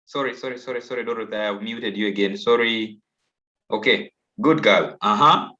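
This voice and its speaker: A man's voice: fairly low pitch, normal speed, pushed and bright. Patient Ugandan man teaching online. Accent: Ugandan English. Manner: coaxing, repeats himself patiently. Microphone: video call. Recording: dull, lo-fi online call audio.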